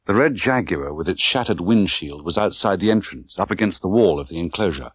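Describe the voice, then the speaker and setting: A man narrating an audiobook with an expressive, dramatic reading. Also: low voice, brisk, hardly any pauses, breathy edge, dry recording. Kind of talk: scripted narration. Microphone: close studio mic.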